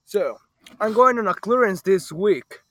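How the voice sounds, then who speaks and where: A young man from Mexico, joking and laughing loudly through a party card game outdoors. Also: high voice, animated, unhurried. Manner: joking, laughing, loud bursts. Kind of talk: casual chat over a party card game. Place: outdoors in a public spot.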